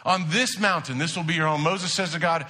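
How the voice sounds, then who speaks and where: A man preaching a sermon to his church, moving between hushed asides and emphatic declarations. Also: a little high, steady tone, a little fast. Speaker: pastor.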